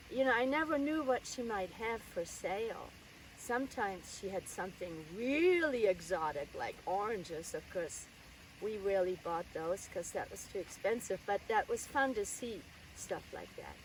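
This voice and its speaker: An older woman from Germany telling a personal childhood story in a conversational way, with frequent asides. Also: mid-range voice. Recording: distant mic, faint background noise.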